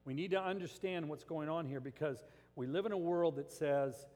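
High-voiced male pastor in an echoing hall. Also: moderate pace, a little mellow. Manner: conversational, acts out voices of the people in the story. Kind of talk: sermon.

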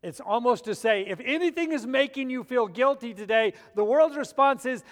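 A male pastor delivering a sermon in a church, preaching with animation and dramatic swings between loud and quiet. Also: extremely high pitch, animated, normal speed, hardly any pauses. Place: church sanctuary. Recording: long church hall reverb.

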